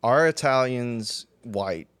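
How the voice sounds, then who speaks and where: A young adult man co-hosting a casual comedy podcast, talking in an animated way with frequent swearing and quick restarts. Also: medium pitch, clean tone. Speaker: podcast co-host.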